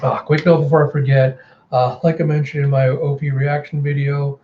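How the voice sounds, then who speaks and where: A man's voice: fairly high pitch, little pitch movement, moderate pace. A man chatting casually as he reads through and reviews a comic book, retelling it animatedly. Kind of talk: casual readthrough narration. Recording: slightly dull home recording with fan hum. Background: fan running.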